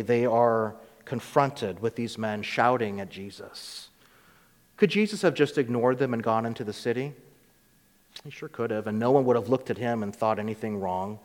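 Man preaching in a reverberant hall. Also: mid-range voice. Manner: conversational, acts out voices of biblical figures. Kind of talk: sermon.

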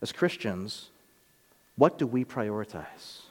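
A male pastor delivering a sermon, rising to emphatic peaks and dropping to quiet, earnest lines. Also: fairly low pitch, sing-song, slow pace, big-room sound. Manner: preaching with rising emphatic swells and quiet drops. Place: church sanctuary.

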